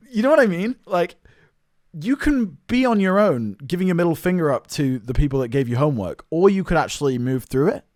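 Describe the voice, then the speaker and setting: A man in his twenties with a British accent, talking through his struggles as a solo podcast host, earnest and self-questioning, swinging between loud bursts and low mutters. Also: no room sound, clean studio sound. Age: 20s. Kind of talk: reflective solo podcast monologue.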